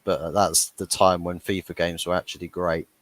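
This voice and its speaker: Deep-voiced man commentating live. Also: flat delivery, moderate pace, fairly bright tone, no echo. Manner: chatty, laughs at his own jokes, frustrated fan. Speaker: fan watchalong host. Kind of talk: live match reaction commentary.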